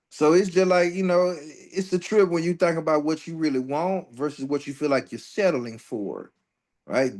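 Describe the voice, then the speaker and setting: A man teaching an astrology workshop in a loose, profane, joking way. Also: fairly high pitch. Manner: loose and profane, jokes and laughs between readings. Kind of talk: casual astrology workshop talk.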